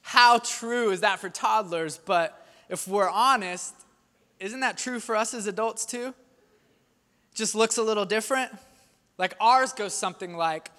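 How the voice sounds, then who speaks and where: Young dad pastor preaching, high bright voice, chatty and animated, big echoey church hall. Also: male voice, a little slow. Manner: conversational, animated storytelling with rising intensity. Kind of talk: sermon. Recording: long hall reverb.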